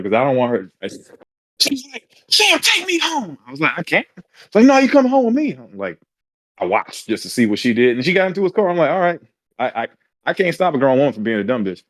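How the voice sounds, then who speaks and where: A man's voice: medium pitch, quick pace, dry recording. A man co-hosting a podcast, telling a story in a casual, profane way and acting out what people said. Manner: animated, profane, acts out quotes in voices. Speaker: podcast co-host.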